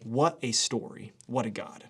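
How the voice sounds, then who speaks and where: A young man giving a casual devotional sermon as a pastor, telling stories with quick asides. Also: mid-range voice, expressive, fairly bright tone, slightly rough.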